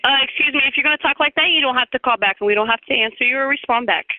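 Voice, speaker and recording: A woman's voice: sits high, dry recording. A woman answering the phone at a truck stop, curt and firm with a rude caller. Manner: curt, firm, fast-talking. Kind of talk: phone customer service. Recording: tinny phone line.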